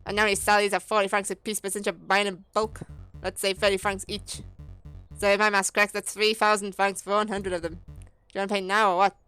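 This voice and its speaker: A woman's voice: medium pitch, flat delivery, fairly quick, sharp tone, clear, resonant tone, lightly acted, low-quality recording. Woman doing a pushy crocodile gunrunner in a game dub, curt and impatient, faint music bed. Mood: brusque. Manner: brusque, impatient street-wise talk. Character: shady male crocodile arms dealer, gruff.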